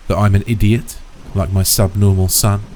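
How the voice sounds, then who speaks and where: A man's voice: on the low side, steady tone, moderate pace, a little mellow, slight background noise, lightly acted. A man voicing a wealthy, domineering middle-aged father who talks down to others with blunt contempt. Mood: scornful. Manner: blunt, bullying, dismissive.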